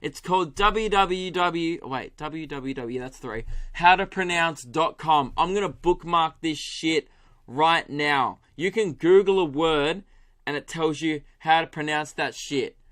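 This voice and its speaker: Young Australian comic host, bright, slightly high voice, animated and profane. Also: male voice, measured pace. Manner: animated, swearing, laughing, doing impressions. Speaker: podcast host. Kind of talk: solo comedic podcast rant.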